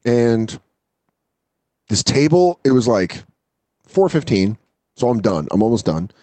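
A man tells a long, animated story on a casual podcast. He swears freely and drops into quick impressions of the people he describes. His voice sits in a middle register, and the recording is dry and close. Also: mid-range voice, no room sound. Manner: profane, animated, acts out the people in his stories. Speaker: podcast co-host, comedian.

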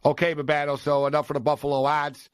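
A man's voice: on the high side, fast talker, clear, resonant tone, no echo. A man hosting a sports talk show, chatting casually and joking between betting picks. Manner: joking storyteller, lively banter.

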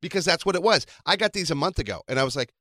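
A man's voice: a little high, expressive, racing, sharp tone, no room sound, clean studio sound. A man in casual chat, joking and explaining with an easy manner.

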